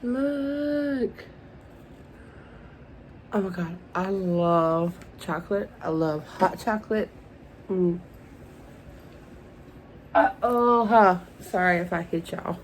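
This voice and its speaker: A woman's voice: lowish voice, fairly even intonation, slow, pauses often, a little hiss or hum, poor audio. A young woman unboxing beauty products in a casual vlog, gushing and emotional and calling her viewers "y'all". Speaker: beauty vlogger.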